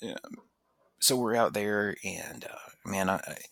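A man in casual conversation telling a personal story, lively and animated, jumping into higher voices when he quotes people, with lots of false starts. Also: measured pace, creaky, dry recording. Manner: animated, acts out quotes in raised voice, many restarts. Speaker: podcast guest telling his story.

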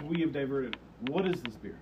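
A young man co-hosting a casual chat, excitable and joking, often cutting in. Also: mid-range voice, highs cut off, background noise. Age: young adult. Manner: excitable, joking, quick to interrupt. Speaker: podcast co-host.

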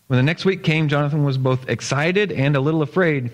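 A male pastor reading a story aloud in a sermon, with steady storytelling that slows for emphasis. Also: fairly high pitch. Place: church sanctuary. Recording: long church hall reverb.

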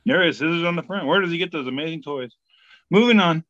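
A man's voice: fairly high pitch, fast, a bit bright, dry recording, lo-fi sound. A man hosting a podcast, reading memes aloud in casual, profane comedic chat. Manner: laid-back, profane, breaks into sung bits.

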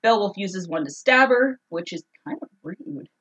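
A woman's voice: mid-range voice, expressive, moderate pace, a bit bright, breathy edge, rough recording. A woman co-hosting a casual podcast, retelling an old story in a chatty, joking way. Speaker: podcast co-host.

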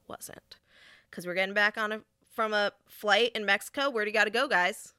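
A young woman vlogger telling a casual story, animated and exasperated, often acting out what people said. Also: mid-range voice, a little fast, clear, resonant tone, no room sound, studio quality.

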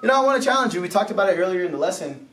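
High, lively young man preaching. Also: very fast. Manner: animated, exclaiming, acts out conversations. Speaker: pastor. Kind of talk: sermon. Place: church room. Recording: echoey room, voice from a distance.

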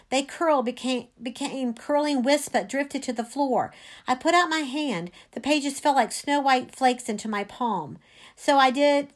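A woman reads a novel aloud to her class in an expressive, dramatic way, stumbling now and then. Her voice sits a bit high. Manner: expressive, dramatic read-aloud with small slips.

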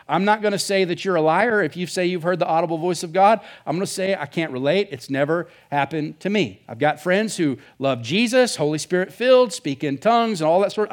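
Casual joking pastor, man. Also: on the high side. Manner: casual, joking preaching with asides. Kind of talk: sermon. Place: church.

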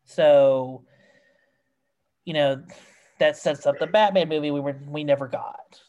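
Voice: mid-range voice, measured pace, warm tone, lo-fi sound. A podcast host in casual film review chat, rambling and exasperated, with many fillers.

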